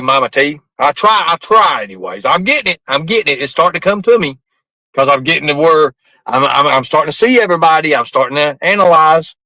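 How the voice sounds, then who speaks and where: A man's voice: fairly high pitch, sharp tone, dry recording, rough recording. A man ranting defensively to his live-stream chat, swearing often and rambling from point to point. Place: outdoors at night in the rain.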